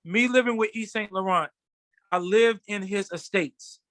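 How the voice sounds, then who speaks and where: A man's voice: high-pitched, a little slow, no room sound. A man, a fashion designer guest, telling his story animatedly in a casual interview. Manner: animated storyteller, acts out quotes. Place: studio.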